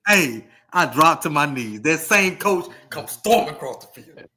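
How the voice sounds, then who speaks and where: A man, a podcast co-host and youth football coach, telling a story in animated, casual talk with lots of repeated words. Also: a little high, a little slow.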